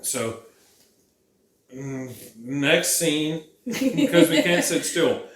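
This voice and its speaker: A man's voice: on the high side, big pitch swings, drawn-out words. A drunk man riffing casually and sarcastically on a movie he just watched. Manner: rambling, sarcastic, laughing. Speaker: podcast host. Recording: roomy echo.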